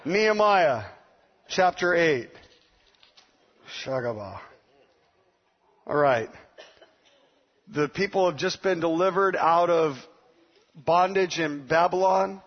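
A middle-aged pastor preaching with a playful, laughing delivery, his voice pitched high and husky. He speaks slowly and draws out his lines. The recording is dull and lo-fi. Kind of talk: sermon.

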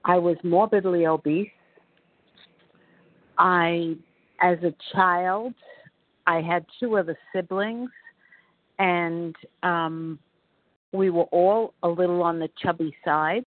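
A woman in her seventies with a New York accent, telling her recovery story in an earnest, measured way. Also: fairly low pitch, fairly even intonation, dry recording. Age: 70s. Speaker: recovery meeting speaker. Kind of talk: personal testimony. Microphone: phone. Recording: tinny phone line.

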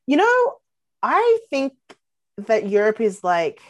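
A woman talking as a podcast guest in a loose, rambling way, with many pauses and fillers. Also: fairly high pitch, wildly swooping pitch, no echo. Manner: rambling, hesitant, many ums and likes. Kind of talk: casual podcast chat.

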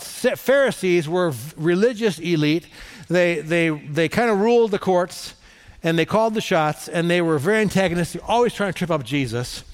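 A middle-aged male pastor preaching a sermon in a conversational, animated storytelling manner. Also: high-pitched.

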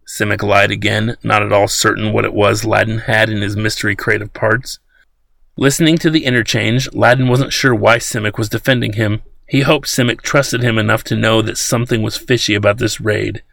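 A man narrating an audiobook in a steady storytelling manner. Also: fairly low pitch, creaky, dry recording.

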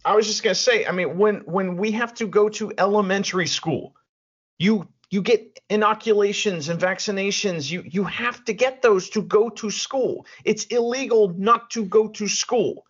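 A man's voice: high voice, normal speed, breathy edge. A man co-hosting a podcast in casual chat, ranting with lots of profanity and restarts. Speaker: podcast co-host. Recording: dull lo-fi audio.

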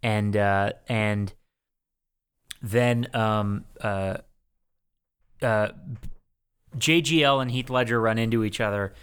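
Podcast co-host, young man, smooth voice, profane and jokey. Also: on the low side, fairly even intonation, slow pace, pauses often, fairly bright tone. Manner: profane, jokey, laughs often. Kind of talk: casual movie-recap chat.

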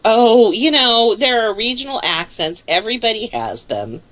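A woman's voice: fairly high pitch, expressive, fairly bright tone. A woman from the Pacific Northwest with a Seattle-area accent, hosting a radio show in a playful, teasing banter. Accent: Seattle-area American English. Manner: teasing, playful, quick to laugh. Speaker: radio host.

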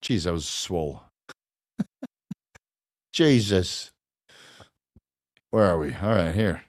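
Guy w a lowish voice ranting casual answers, lots of uh and right, swears a bunch. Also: animated, extremely slow. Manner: blunt, profane, rambling with fillers and restarts. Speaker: host answering viewer questions. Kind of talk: casual Q&A monologue.

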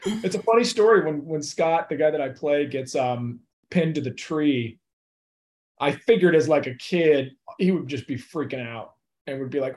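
A young adult man, an actor appearing as an interview guest, speaks at a normal speed in a fairly high, animated voice with a darkish tone. His casual interview chat is loose and laid-back, full of fillers and easy laughter.

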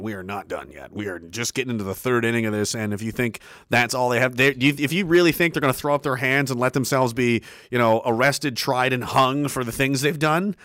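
A man's voice: medium pitch, fairly bright tone, dry recording, studio quality. A man giving a heated, profane commentary that rambles with restarts. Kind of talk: casual political rant.

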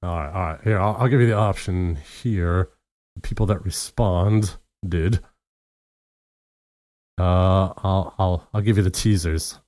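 A man's voice: deep voice, steady tone, measured pace, long pauses, a little mellow, dry recording. A man co-hosting a podcast, telling a rambling story with plenty of swearing and laughter on his own mic. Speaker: podcast co-host. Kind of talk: casual podcast chat. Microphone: own mic, recorded separately.

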